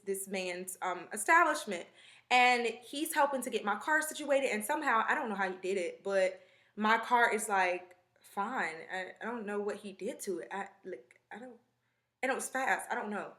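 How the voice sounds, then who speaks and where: A young woman with a bright, forceful voice pitched a little high chats straight to her camera. She tells her story in a rambling, animated way with plenty of fillers. The room around her rings with echo. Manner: chatty, rambling, animated retelling with many fillers. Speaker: vlogger. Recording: echoey room.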